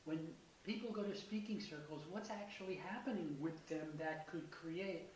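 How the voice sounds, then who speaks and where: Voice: medium pitch, normal speed. An interviewer asking short, probing questions. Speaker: interviewer, workshop leader. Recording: roomy, distant mic with faint hiss.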